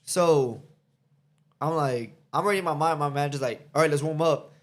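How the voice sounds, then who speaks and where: He's a podcast guest with a fairly high voice who talks fairly quickly. In loose, profane conversation he tells stories, laughs a lot, and acts out what people said.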